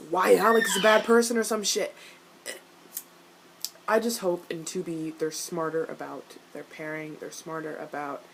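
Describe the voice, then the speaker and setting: Excitable, foul-mouthed woman ranting over noise. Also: mid-range voice. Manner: excitable, swears often, shifts into exasperated rants. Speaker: video reviewer. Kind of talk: casual TV episode reaction.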